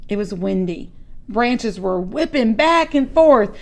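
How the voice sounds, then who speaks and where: Slow, gravelly woman reading a chapter book. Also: fairly high pitch, animated, darkish tone. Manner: chatty asides between story passages.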